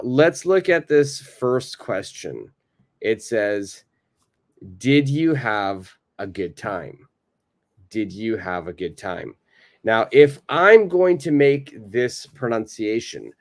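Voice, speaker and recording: A man with a lowish voice and a North American accent teaches a live online English lesson. He patiently repeats phrases so learners can copy them.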